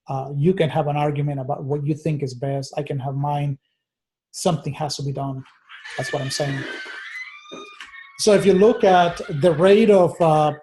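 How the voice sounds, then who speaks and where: A man gives a recorded lecture to his students in an earnest, thinking-aloud way, pausing often on fillers and restarting his sentences. His voice sits a little high for a man, yet it sounds mellow and soft rather than bright. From United States. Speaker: teacher.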